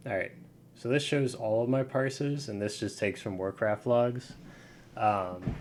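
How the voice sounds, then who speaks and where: A man's voice: on the low side, a little hiss or hum. A man giving a casual screen-share tutorial, talking loosely with lots of fillers over his screen. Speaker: video game guide creator.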